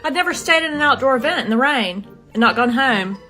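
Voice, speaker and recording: A woman talks straight to camera in a brash, joking vlog style and hits her punchlines hard. Her voice sits a little high. Light music plays faintly behind her. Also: lively intonation, brisk, sharp tone. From southern United States. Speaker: vlogger. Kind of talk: casual comic vlog.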